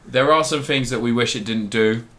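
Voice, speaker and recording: A young man talks fast and loose on a review podcast, rambling, joking and swearing casually. His pitch sits in an ordinary middle range. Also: fairly bright tone. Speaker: podcast co-host.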